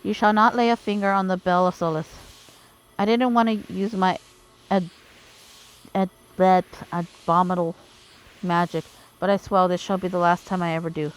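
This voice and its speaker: A woman's voice: on the low side, steady tone, normal speed, long pauses, smooth, natural voice. A woman reading the lines of an obsessed adult male villain mage, with grandiose, vengeful declarations.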